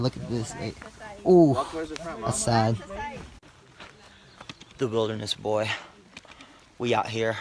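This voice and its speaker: A young man vlogging casually on a forest trail, joking like a tour guide. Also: medium pitch. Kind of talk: casual travel vlog.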